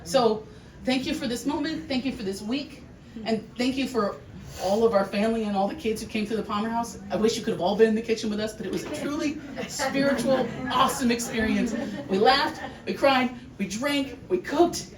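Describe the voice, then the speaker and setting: A woman giving a heartfelt memorial speech for her uncle, emotional and halting, with restarts and laughs. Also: on the high side, crowd noise. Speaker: family member giving a eulogy. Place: large hall with an audience. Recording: echoey room, distant mic, noisy.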